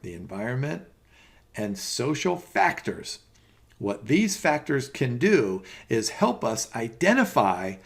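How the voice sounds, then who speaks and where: A man's voice: mid-range voice, gravelly. A middle-aged man teaching a finance exam prep lecture in a conversational, rambling way with many fillers and asides. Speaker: finance instructor. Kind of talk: recorded lecture.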